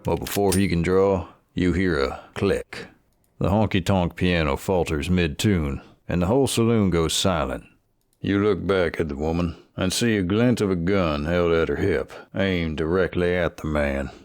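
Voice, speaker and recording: An actor voicing the game narrator, reading second-person narration in a measured, even manner. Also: male voice, low voice, no echo, clean studio sound.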